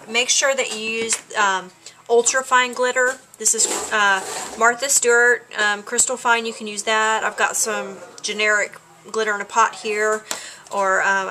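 A woman walks through a craft project in a relaxed, chatty way, filling pauses with ums. Her voice has a clear, bright edge, and faint noise sits underneath. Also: mid-range voice. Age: adult with a child. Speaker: craft tutorial host. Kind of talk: casual craft tutorial.

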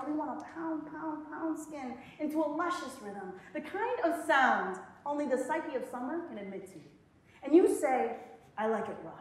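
A woman poet performing spoken word in a college hall, with rhythmic, dramatic delivery and playful laughing asides to the audience. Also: sits high. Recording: very echoey hall.

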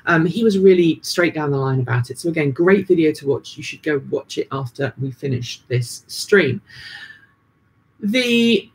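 British accent, thirties, husky, mid pitch, rambling livestream host. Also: lively intonation, normal speed. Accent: British, drifting toward American. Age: 30s. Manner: rambling, many ums and restarts. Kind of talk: casual livestream chat.

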